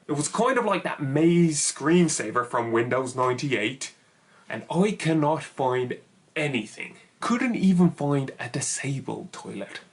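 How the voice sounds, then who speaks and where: A young man telling a funny personal story in an animated, exaggerated comic way. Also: a little high. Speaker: YouTuber. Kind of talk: comedic story time.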